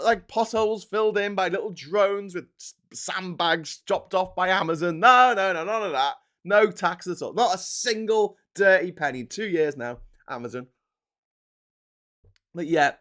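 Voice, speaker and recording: A man's voice: a little high, expressive, moderate pace, fairly bright tone. A man hosting a casual live stream, ranting sarcastically and mocking people in whiny put-on voices. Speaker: livestream host.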